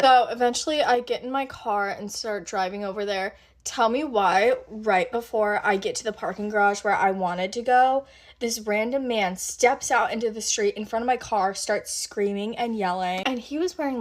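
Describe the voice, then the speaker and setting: A woman vlogger telling a date story in a chatty, animated way, full of "like" fillers. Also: fairly high pitch, moderate pace. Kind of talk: casual storytime chat.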